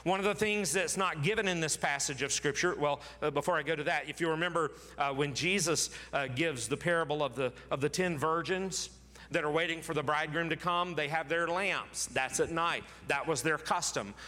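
A man's voice: fairly high pitch, brisk, pushed and bright, big-room sound. A man preaching a sermon, reading scripture aloud dramatically and repeating phrases for emphasis. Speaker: pastor.

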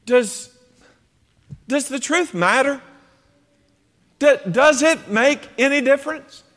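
A man preaching a sermon in an animated, emphatic way, acting out quoted voices as he goes. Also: extremely high pitch, takes it slowly. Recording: long hall reverb.

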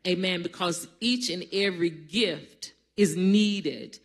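A pastor preaching a sermon in a church, calling for responses from the congregation and building to loud, emphatic peaks. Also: mid-range voice, takes it slowly. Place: church sanctuary.

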